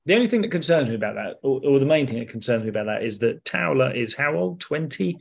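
A man talks football on a casual podcast, rambling and hesitant, often stopping to restart his sentences. His voice sits at an ordinary mid pitch. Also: big pitch swings, fast talker, gravelly, husky. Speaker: podcast co-host.

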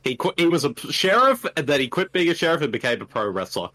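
A man's voice: mid-range voice, very fast. A man with an Australian accent, co-hosting a casual movie watch-along podcast and joking around. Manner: jokey, animated, laughs often. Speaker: podcast co-host.

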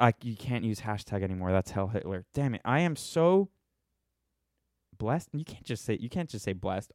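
A man's voice: fairly low pitch, dark tone, no room sound, studio quality. A man in his thirties hosting a livestreamed podcast, talking in a rambling, sarcastic way with many restarts. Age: 30s. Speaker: podcast host. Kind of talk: livestreamed monologue.

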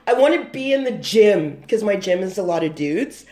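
A woman co-hosting a podcast, excitable and animated, often repeating her words. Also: medium pitch, normal speed. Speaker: podcast co-host. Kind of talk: casual chat. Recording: echoey room.

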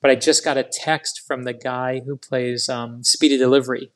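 A middle-aged man, a guest author, telling rambling, animated anecdotes in a casual interview. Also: mid-range voice, normal speed.

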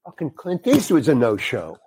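Older man, guest raconteur, blunt and animated, dry close sound. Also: a little high, measured pace, breathy edge, no echo. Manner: animated, acts out dialogue, frank, swears. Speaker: guest actor. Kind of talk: anecdotal storytelling.

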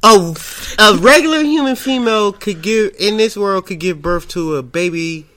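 A male podcast guest chats casually and keeps jumping in with ideas. His voice is fairly high and lively in its rise and fall. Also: moderate pace. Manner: eager, jumps in with ideas.

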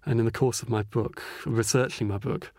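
A man's voice: mid-range voice, fairly even intonation, brisk, darkish tone, dry recording, studio quality. Hesitant man telling a story. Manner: thoughtful, hesitant, many ums. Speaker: author guest. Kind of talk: podcast interview.

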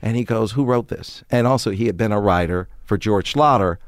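A middle-aged man telling stories in a casual chat, animated, acting out the people in his anecdotes. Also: lowish voice, fairly quick, dry recording, studio quality. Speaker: guest comedian.

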